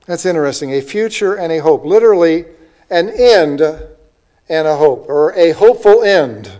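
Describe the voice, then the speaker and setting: A man with a notably high voice preaches a Bible-teaching sermon. He is earnest and keeps asking his listeners "okay?" or "right?". He slows down to read scripture with weight. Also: lively intonation, warm tone. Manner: reads scripture aloud slowly with emphasis. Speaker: pastor.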